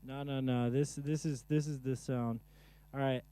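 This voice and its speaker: A man's voice: medium pitch, level tone, moderate pace, dark tone, clear, resonant tone. A man casually chatting to himself during a live music stream, rambling and joking while he troubleshoots his gear in a home studio.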